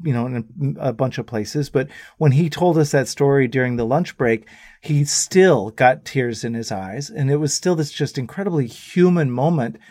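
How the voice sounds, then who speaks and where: A man's voice: mid-range voice, normal speed, dry recording, studio quality. A middle-aged man, a musician guest, telling anecdotes in casual chat and often laughing as he talks. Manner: animated storyteller who laughs often.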